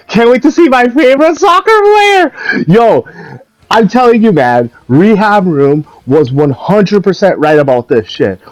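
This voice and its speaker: A man's voice: on the high side, a little mellow, no room sound. A young man ranting in a casual, profane and mocking way, rambling between thoughts. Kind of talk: casual rant.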